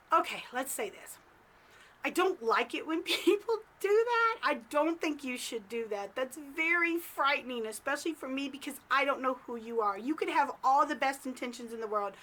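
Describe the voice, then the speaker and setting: A woman vlog host telling a story to camera in a chatty, animated way, full of "like" fillers. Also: high-pitched, moderate pace. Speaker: psychic medium and vlog host.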